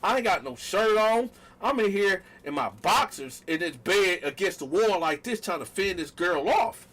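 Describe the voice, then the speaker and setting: A man with a high, bright, forceful voice tells a story in a casual monologue. He keeps turning to the viewers and acting out the dialogue with a lot of energy. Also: moderate pace. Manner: animated, talks straight to viewers, acts out quotes loudly. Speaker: storytelling vlogger.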